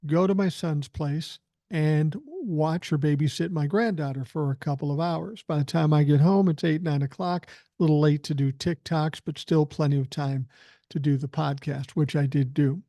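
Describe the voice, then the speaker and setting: A man's voice: a little high, moderate pace, warm tone, dry recording, clean studio sound. A man in his sixties hosting a podcast, telling a rambling, chatty story with filler words while feeling unwell. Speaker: podcast host. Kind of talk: casual storytelling.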